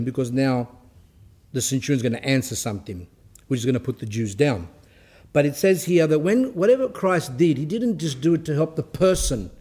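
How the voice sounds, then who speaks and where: A man delivers a sermon to his congregation in a fairly high voice. He speaks emphatically, repeating key phrases and laying out his points one by one. He drops in an occasional Greek church word while he explains. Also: warm tone. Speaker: Orthodox preacher. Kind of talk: sermon teaching.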